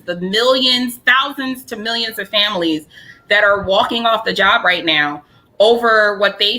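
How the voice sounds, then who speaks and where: A woman's voice: mid-range voice, sharp tone, poor audio. A woman speaking as a panel guest in a livestream discussion, earnest and argumentative as she builds her point.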